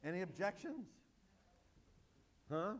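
A man's voice: high voice, sing-song, slow. A male pastor preaching a sermon, emphatic and joking with the congregation.

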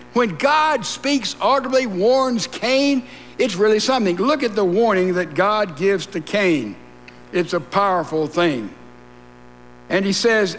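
A man preaching a sermon, emphatic and repetitive, with asides to the congregation. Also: sits high. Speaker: pastor. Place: church sanctuary. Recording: long reverb and mains hum in a church.

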